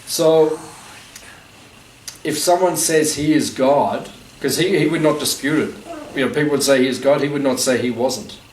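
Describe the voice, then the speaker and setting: Heard from far away in an echoey festival gathering room with faint noise, a spiritual teacher speaks at a normal pace in a mid-range voice. He gives a live audience an informal, joking talk with many fillers.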